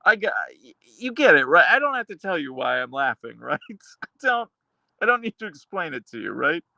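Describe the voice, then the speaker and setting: A man hosting a live stream, reading chat aloud and answering with dark, deadpan humor and frequent laughs. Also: a little high, a little fast, creaky, dry recording, muffled recording. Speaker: livestream host reading chat.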